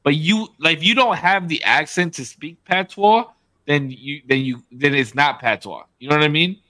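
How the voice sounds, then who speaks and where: A young man co-hosting a podcast in casual chat, animated and emphatic, laughing often and swearing freely. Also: fairly high pitch, moderate pace, no room sound. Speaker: podcast co-host.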